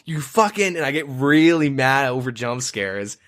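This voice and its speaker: A man's voice: medium pitch, normal speed, a bit bright, no echo, studio quality. A man co-hosting a podcast, telling a story in casual banter, profane and rambling with lots of fillers. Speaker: podcast co-host.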